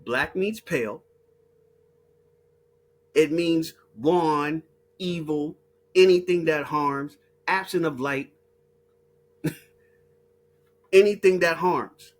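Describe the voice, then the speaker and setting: Husky guy ranting on his channel, high voice that jumps all over, blunt and cussing. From United States. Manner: heated and blunt, laughs between points, mocks others in put-on voices. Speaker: online commentator. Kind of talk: unscripted profane rant.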